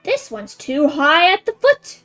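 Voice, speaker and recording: A woman's voice: sits high, very animated, measured pace, a bit bright, faint music behind, exaggerated voice. A woman voicing a fussy little girl in a storybook reading, complaining about everything.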